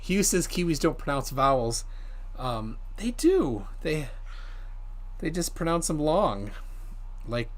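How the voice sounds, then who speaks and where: A man's voice: a little high, very animated, takes it slowly, pauses often. A man hosting a live stream, chatting casually, laughing and reading viewer comments aloud. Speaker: livestream host.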